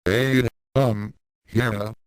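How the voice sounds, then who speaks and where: A man's voice: on the low side, fairly even intonation, very slow, clean tone, dry recording. Man voicing a meek, stammering teenage boy. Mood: nervous. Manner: hesitant, stammering with fillers.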